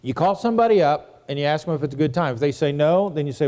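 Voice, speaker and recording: A man's voice: fairly high pitch, animated, fast talker, darkish tone, big-room sound. A man teaching a seminar on real estate investing, walking the audience through a phone script step by step in a conversational way. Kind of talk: seminar lesson.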